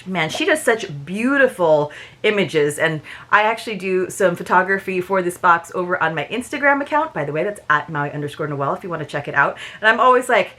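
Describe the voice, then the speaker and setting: A woman's voice: on the low side, expressive, a little fast, pushed and bright. A woman reviewing a subscription box in a casual, chatty unboxing, with many small asides.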